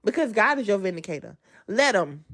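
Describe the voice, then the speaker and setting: A woman's voice: mid-range voice, very animated, fairly quick. A woman giving an amped-up devotional talk in a casual, colloquial way and addressing her listeners as y'all. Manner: swings between loud emphasis and soft asides. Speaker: speaker giving a devotional testimony.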